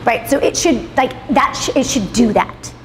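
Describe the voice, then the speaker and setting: A woman in her thirties, voice on the high side at a normal speed, runs a motivational class with emphatic talk, free swearing and points ending in "right?". She speaks in a salon within a roomy hall, where the room is reverberant and faint noise lingers.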